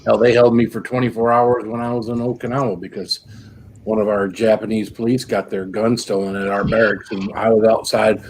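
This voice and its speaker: A man's voice: lowish voice, level tone, brisk, a little mellow, a little hiss or hum, poor audio. A man chatting bluntly and matter-of-factly as a guest. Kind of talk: casual chat.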